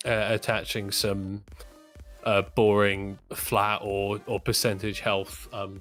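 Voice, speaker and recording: Bright-voiced hesitant man. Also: fairly low pitch. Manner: hesitant, many ums and restarts. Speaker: podcast co-host. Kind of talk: casual game design chat.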